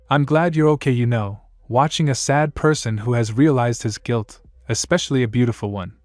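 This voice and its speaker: A man's voice: mid-range voice, no echo, studio quality. Man reading fan fiction, wry and grumbly. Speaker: narrator.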